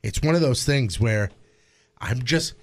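A man's voice: medium pitch, measured pace. A man talking casually with co-hosts, acting out what was said. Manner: expressive, acts out quotes. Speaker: co-host. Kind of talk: casual chat.

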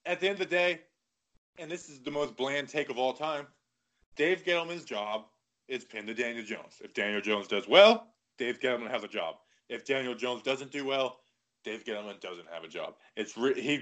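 A man co-hosting a podcast in casual sports chat, animated and talking in quick bursts full of "like". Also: mid-range voice. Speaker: podcast co-host.

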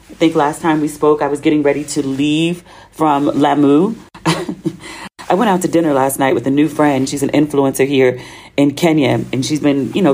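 An American woman hosting a podcast, telling travel stories in a chatty, animated way and acting out the voices of people she quotes. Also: low voice. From United States. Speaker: podcast host. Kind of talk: casual monologue.

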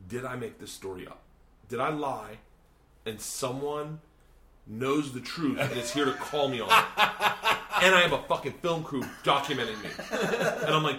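A man hosting a podcast, telling a long story in casual chat, swearing a lot and rambling with animated energy. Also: medium pitch, a little fast, slight background noise. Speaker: podcast host and comedian. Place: hotel room. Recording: roomy hotel room echo.

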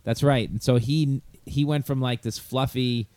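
A man co-hosting a podcast, telling a childhood story in a deadpan, teasing way during a casual comedic chat. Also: medium pitch, moderate pace, dry recording. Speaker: podcast co-host.

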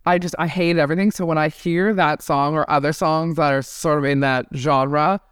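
A woman's voice: deep voice, moderate pace, smooth, dry recording, studio quality. A young adult woman comedian on a podcast, telling stories bluntly and swearing freely. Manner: blunt, profane, animated storytelling. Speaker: comedian guest. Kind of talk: casual podcast chat.

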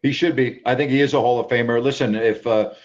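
A man's voice: medium pitch, fairly even intonation, quick pace, lo-fi sound. A man hosting a call-in sports talk show, talking emphatically, often repeating himself and checking in with "all right?".

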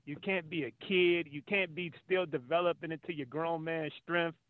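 A man's voice: fairly high pitch, fairly even intonation, moderate pace. A man calling in to a sports talk show, insistent and repeating his points in heated casual talk. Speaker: caller. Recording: tinny phone line.

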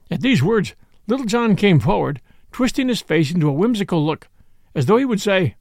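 A man reading a classic adventure tale aloud as narrator, in an expressive storytelling manner. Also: high-pitched, fairly quick, no room sound, clean studio sound.

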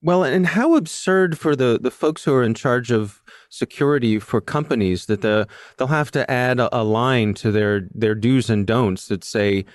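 A man's voice: mid-range voice, normal speed, few pauses, no echo. An American man hosting a podcast in casual chat with a dry, wry humor. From United States. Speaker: podcast host.

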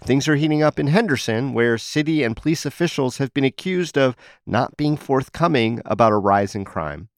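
A man's voice: medium pitch, expressive, normal speed, hardly any pauses, no room sound, clean studio sound. A man hosting a local news podcast, interviewing a guest and reading news and listener messages in a playful, upbeat way. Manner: playful, upbeat host patter. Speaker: podcast host.

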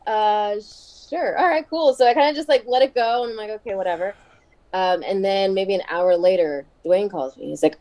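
A woman's voice: mid-range voice, animated, fairly quick, mellow. A woman in her thirties, a guest chatting casually in an interview, telling backstage stories and acting out quoted voices. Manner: chatty, laughs often, acts out quoted voices. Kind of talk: casual podcast interview storytelling.

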